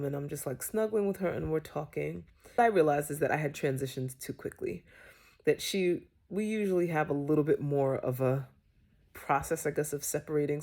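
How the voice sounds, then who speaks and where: A woman's voice: low-pitched, mellow. A woman telling a personal parenting story in a casual, chatty way with many fillers. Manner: unhurried, chatty with frequent fillers. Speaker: parenting creator.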